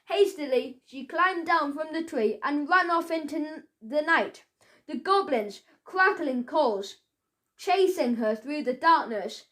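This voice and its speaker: A woman narrating a children's audiobook in a playful, expressive storytelling manner. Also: high-pitched, measured pace. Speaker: audiobook reader.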